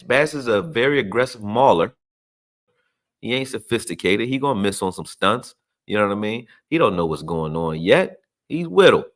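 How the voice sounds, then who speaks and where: A man's voice: medium pitch, fairly bright tone. A man ranting casually about football, blunt and profane, full of slang and rhetorical questions. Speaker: sports commentator.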